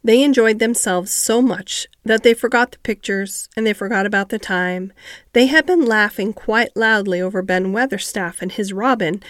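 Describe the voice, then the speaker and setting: A woman narrating a classic children's novel steadily and clearly as an audiobook reader. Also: a little high, no room sound, clean studio sound. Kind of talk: storybook narration.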